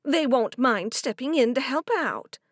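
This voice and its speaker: Brief: take-charge older woman, read by a female narrator, high, firm, animated. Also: measured pace, no room sound, studio quality. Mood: concerned. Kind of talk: audiobook character voice.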